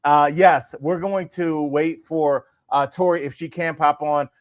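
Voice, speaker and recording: Brief: man, fairly high voice, dry close sound, casual comic storyteller who rambles with fillers. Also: a little slow, no room sound. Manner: rambling, animated anecdote with many fillers. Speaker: podcast co-host.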